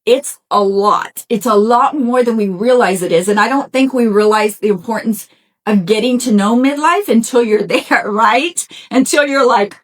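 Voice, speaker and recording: A woman's voice: fairly high pitch, normal speed. A middle-aged woman hosting a motivational self-help talk, speaking to listeners in an encouraging, conversational way with a folksy "y'all" and "right?". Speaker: podcast host.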